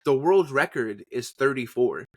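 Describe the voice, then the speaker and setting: A man chats loosely about his work, full of energy and quick to jump into impressions. His voice sits at a middle pitch. The sound is dry and close, with no room around it. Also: no echo. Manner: animated, slips into trailer and character voices. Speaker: podcast guest, voice actor and journalist. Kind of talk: casual storytelling interview.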